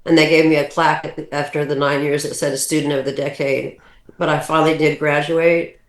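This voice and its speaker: Low-pitched and fairly quick, this sixty-something woman shares family anecdotes as a podcast guest, casual and animated, with frequent restarts. There's a roomy echo on the recording.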